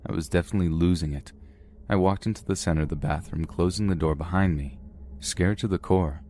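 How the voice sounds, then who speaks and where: A man reading a first-person horror story in a steady, measured way. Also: low voice. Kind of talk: scripted first-person narration.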